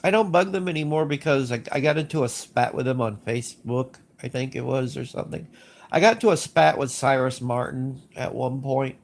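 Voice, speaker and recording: A man streams live with a stuffy nose from congested sinuses, reading chat casually, rambling, repeating himself and being blunt. His voice is mid-range and gravelly, and he talks fairly quickly.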